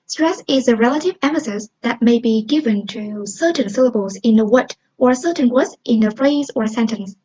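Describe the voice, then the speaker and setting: A woman's voice: a little high, darkish tone, breathy edge. A young woman with a Vietnamese accent, a Vietnamese native speaker, giving a student class presentation in a careful, explanatory way and quizzing the listener. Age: young adult. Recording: dull lo-fi recording.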